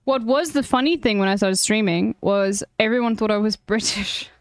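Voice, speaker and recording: A woman's voice: medium pitch, normal speed, dry recording, studio quality. A woman streamer chatting frankly with viewers, giving blunt advice and swearing freely. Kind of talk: casual chat with viewers.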